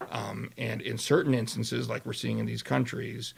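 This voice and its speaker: Gravelly-voiced man in discussion. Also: mid-range voice, level tone, moderate pace. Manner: hesitant, restarts, thinks aloud. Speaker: talk show host. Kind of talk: casual panel discussion.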